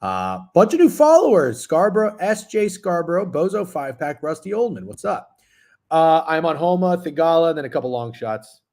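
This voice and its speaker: Warm-toned and very animated, a man in his thirties with a slightly high voice hosts a sports betting stream at a moderate pace. He rambles casually and profanely while reading chat messages, sometimes talking with his mouth full.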